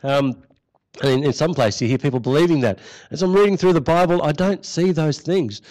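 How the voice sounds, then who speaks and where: A man's voice: fairly high pitch, brisk, darkish tone, rough recording. A middle-aged man preaching a sermon in a conversational way, often repeating key phrases for emphasis.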